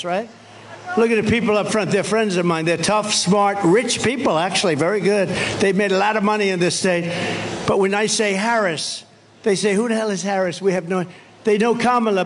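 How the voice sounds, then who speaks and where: A man's voice: high voice, a little hiss or hum. An older man giving an off-the-cuff campaign rally speech, rambling and repetitive, with punchy phrases. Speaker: political speaker at a rally.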